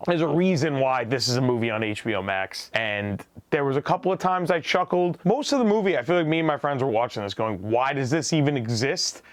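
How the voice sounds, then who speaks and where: A man casually reviewing a film, with a sarcastic, joking delivery and deadpan asides. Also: medium pitch, quick pace, hardly any pauses, no room sound. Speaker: movie reviewer. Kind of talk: casual movie review vlog.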